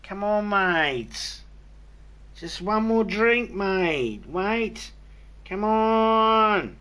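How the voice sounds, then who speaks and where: An Australian man putting on a drunk Australian man who keeps pushing for another beer, loud and pleading. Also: sits high, expressive, extremely slow, clean tone, voice pushed up, full character voice.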